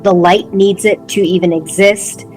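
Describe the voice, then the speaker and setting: A woman's voice: medium pitch, fairly even intonation, unhurried, darkish tone, faint music behind, poor audio. A woman co-hosting a podcast, talking through spiritual ideas in a reflective, word-searching way. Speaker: podcast co-host. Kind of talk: casual spiritual conversation.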